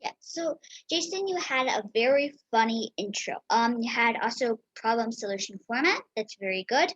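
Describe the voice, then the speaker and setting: A woman's voice: a little high, expressive, moderate pace, fairly bright tone, breathy edge, no echo, highs cut off. A woman judging a speech tournament, handing out friendly praise with many ums over a video call. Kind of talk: casual spoken feedback.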